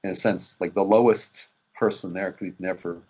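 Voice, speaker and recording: Husky male actor telling stories animatedly. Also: low voice, moderate pace, dull audio. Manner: animated storyteller who acts out quotes and laughs often. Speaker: actor, interview guest. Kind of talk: casual interview storytelling.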